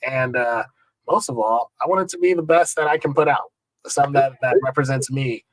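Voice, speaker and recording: A man's voice: medium pitch, fairly quick, no room sound, poor audio. A man talking as an easygoing music producer guest in a casual interview, with frequent repeats and fillers. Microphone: remote call setup.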